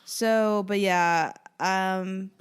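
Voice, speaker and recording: A woman's voice: mid-range voice, fairly even intonation, very slow, clear, resonant tone. A young woman co-hosting a casual podcast. She talks in a chatty way, often trails off, and loses her place in her notes. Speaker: podcast co-host. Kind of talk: casual chat.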